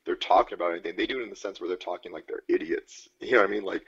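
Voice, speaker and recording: A man's voice: deep voice, rapid-fire, fairly bright tone, breathy edge, highs cut off. A man co-hosting a podcast in rambling, profane casual chat, laughing often. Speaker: podcast co-host.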